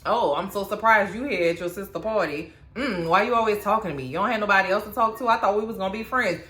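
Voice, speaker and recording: A woman putting on the voice of a coy young woman playing hard to get, quick and dismissive. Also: medium pitch, a bit bright, echoey room, lightly acted. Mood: mock coy.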